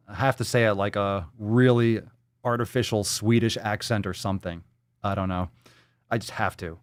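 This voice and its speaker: A man's voice: lowish voice, animated, brisk, dry recording, clean studio sound. A man hosting a live stream, ranting profanely and mocking what he reads aloud. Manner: hypes the audience with shouted calls. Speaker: show host.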